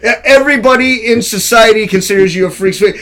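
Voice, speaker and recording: High-voiced man riffing on the news, laughing a lot. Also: fast talker, a bit bright. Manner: laughs often, rambling and irreverent. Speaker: host of a live web talk show. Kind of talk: loose crude comedic news chat.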